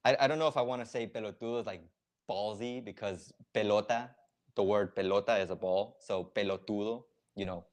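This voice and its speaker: Male stream host with a lowish voice, casual and explanatory, lots of fillers. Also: fairly quick. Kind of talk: casual live reaction stream, explaining slang. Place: lives in Ecuador.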